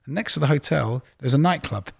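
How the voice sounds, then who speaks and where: A middle-aged man spins anecdote after anecdote in a relaxed sit-down interview. His pitch sits in a plain middle range, and he talks in an easy, chatty way, playing things up for laughs. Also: a little fast, creaky, husky. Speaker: record label executive, guest. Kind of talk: casual interview storytelling.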